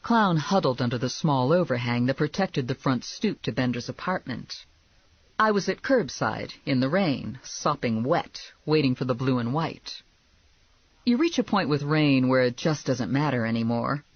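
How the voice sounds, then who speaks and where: A woman's voice: rumbling low, animated, moderate pace, breathy edge, no room sound, muffled recording. A woman narrating a novel in the first person, in a wry, conversational storytelling manner. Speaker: audiobook narrator.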